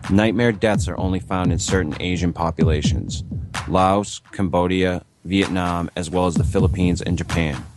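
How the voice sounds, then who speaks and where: A man reading an article aloud in a flat, factual way. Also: low voice, moderate pace, over music.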